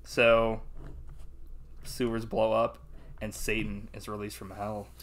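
A man's voice: fairly low pitch, monotone, takes it slowly. A man co-hosting a casual podcast movie review, talking loosely with lots of swearing and laughter. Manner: loose, profane, laughs often, acts out movie lines. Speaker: podcast co-host.

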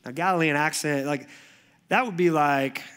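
A man preaching a sermon in church, conversational, moving between animated asides and hushed, earnest passages. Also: a little high, normal speed. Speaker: pastor.

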